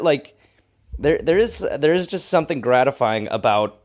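A man's voice: mid-range voice, animated, normal speed, a little mellow. A man co-hosting a comedy podcast, joking playfully and rambling in casual banter. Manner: playful, rambling, breaks into silly voices. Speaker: podcast co-host.

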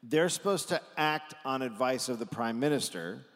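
Sex: man. Role: comedy podcast host. Style: live comedic history storytelling. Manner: lively swings in pitch, casual swearing. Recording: live stage, long hall reverb. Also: normal speed. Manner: animated, swears casually, dry asides.

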